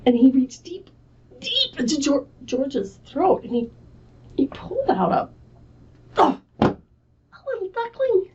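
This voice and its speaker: Animated woman reading a kids' storytime. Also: high-pitched. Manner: animated, slow and expressive, asks the kids questions. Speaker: children's librarian. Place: library. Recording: distant muffled mic with faint hiss.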